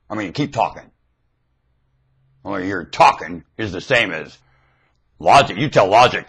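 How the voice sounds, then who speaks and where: Husky man ranting wildly into a webcam. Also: very animated, fairly quick. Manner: preachy, shouting, wildly swinging pitch. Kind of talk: webcam rant.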